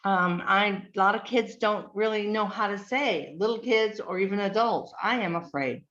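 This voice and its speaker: A woman giving a slide presentation, speaking in a measured way, listing words with frequent ums. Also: mid-range voice, a bit bright. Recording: dull lo-fi recording.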